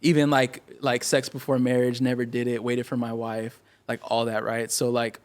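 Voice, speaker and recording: A young man, a pastor, telling his story in a casual podcast interview, rapid and animated, full of fillers and acted-out quotes. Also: medium pitch. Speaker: pastor and guest. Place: podcast studio.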